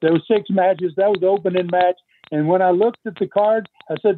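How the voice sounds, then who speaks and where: An older man telling wrestling-era stories as a podcast guest, rambling and halting, with chuckles and fillers. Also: high-pitched, fairly even intonation. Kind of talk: casual storytelling. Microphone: phone call. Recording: tinny phone line with faint hiss.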